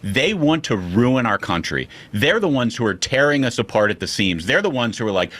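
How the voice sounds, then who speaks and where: A man's voice: medium pitch, sing-song, normal speed, hardly any pauses, a bit bright. A man on a political panel, speaking emphatically and repeating phrases for effect. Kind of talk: heated panel talk.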